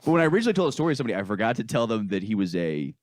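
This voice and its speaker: A man's voice: lowish voice, big pitch swings, very fast. A man hosting a comedy podcast, telling stories in casual chat, laughing often and acting out voices. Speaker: podcast host.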